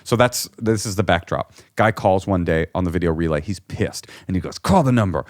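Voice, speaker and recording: A man's voice: deep voice, fairly quick, no echo, clean studio sound. A man telling a comic story in casual chat, acting out the people in it. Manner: animated storyteller, acts out shouting characters. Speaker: comedian guest.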